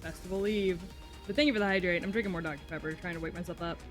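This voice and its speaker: A woman's voice: fairly low pitch, very fast. A tired young woman streaming a card game, grumbling and swearing in exasperation as she chats with viewers. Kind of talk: casual live-stream chatter while playing. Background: faint music.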